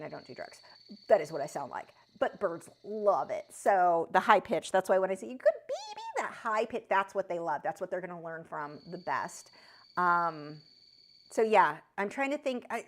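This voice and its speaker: A woman with a high voice that she says sounds like a chipmunk, chatting loosely with her viewers on an art live stream, with lots of fillers and restarts. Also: fairly bright tone. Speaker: art teacher answering chat. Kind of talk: casual live-stream chat.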